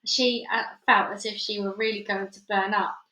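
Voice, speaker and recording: A woman reading a children's novel aloud, lively and expressive, acting out the sound effects. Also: mid-range voice, moderate pace, reverberant, rough recording. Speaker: reader. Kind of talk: children's book read-aloud.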